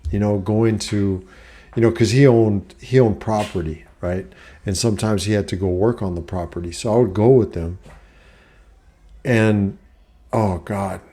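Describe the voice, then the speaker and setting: A middle-aged man with a lowish, mellow voice talks to camera as a life coach. He rambles, swears freely and opens up candidly, circling back on his words as he goes. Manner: rambling, profane, confessional. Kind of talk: candid personal talk to camera.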